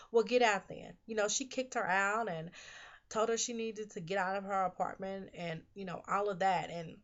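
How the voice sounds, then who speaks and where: A woman's voice: mid-range voice, dull audio. A woman giving a casual, opinionated recap of a TV episode, talking chattily and saying "you know" often. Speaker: TV episode reviewer.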